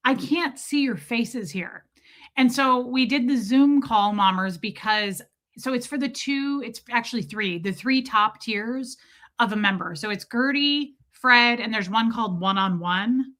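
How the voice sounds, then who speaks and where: A woman's voice: a little high, unhurried, fairly bright tone. A woman hosting a livestream, chatting casually in a blunt, profane, self-mocking way. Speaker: livestream host. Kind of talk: casual chat.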